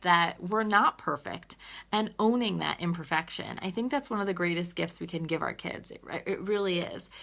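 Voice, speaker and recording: A woman's voice: mid-range voice, gravelly, sharp tone. A woman in her thirties talking earnestly to viewers on a phone live stream, laughing and fighting back tears. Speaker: teacher and mom livestreaming. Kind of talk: emotional live video chat.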